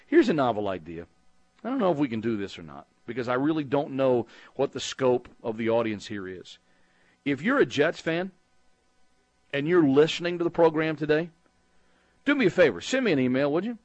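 A man's voice: mid-range voice, big pitch swings, fairly quick, no room sound. A middle-aged man from Texas hosting a sports talk call-in show, speaking in a rambling, conversational way with frequent restarts and fillers. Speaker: sports radio host.

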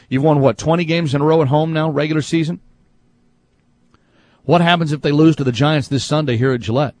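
A man hosting a sports talk radio show, animated and exasperated, who yells for emphasis. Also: on the high side, dry recording.

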